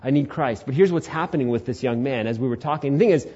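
A man in his twenties preaching a sermon, telling the story in a lively way and swinging between loud bursts and hushed lines. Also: mid-range voice, fast, slightly rough, lo-fi sound. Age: 20s. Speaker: pastor.

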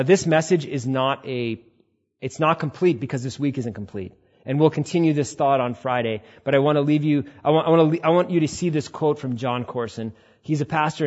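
A male pastor giving a conversational sermon, acting out quotes in sudden high bursts, with a husky voice. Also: a little mellow, dull audio.

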